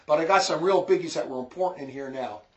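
A man with a New Jersey accent lectures on faith in an emphatic, repetitive way, pressing his points again and again. His voice sits a little higher than most men's. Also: lo-fi sound. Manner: emphatic, repetitive, quick to scold. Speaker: religious teacher. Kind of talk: informal religious lecture.

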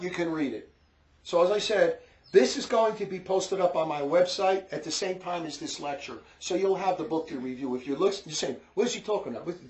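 A man with a New Jersey accent lectures on faith in an emphatic, repetitive way, pressing his points again and again. His voice sits a little higher than most men's. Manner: emphatic, repetitive, quick to scold. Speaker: religious teacher. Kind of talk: informal religious lecture.

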